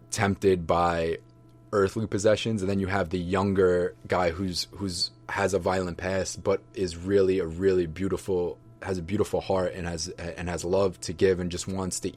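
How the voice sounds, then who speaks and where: A vlogger who reviews books and movies rambles casually through a film review, loose, enthusiastic and affectionate toward his viewers. His voice sits low with a darkish tone, and fillers and restarts are frequent.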